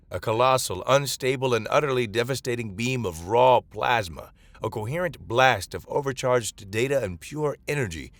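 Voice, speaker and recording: A man narrating a dramatic science-fiction story in a measured reading voice. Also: mid-range voice, fairly bright tone, no echo.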